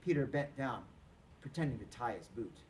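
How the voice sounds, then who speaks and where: A male teacher reads a novel aloud in a dramatic, expressive voice that rises and falls widely. He sits a little back from the mic, so the sound is slightly distant. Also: medium pitch, moderate pace.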